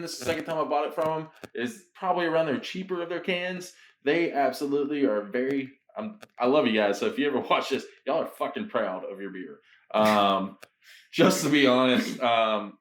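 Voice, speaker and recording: Rambling young man in a roomy echo. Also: medium pitch. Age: young adult. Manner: rambling, many ums, swears casually. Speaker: podcast co-host. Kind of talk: casual chat and beer review.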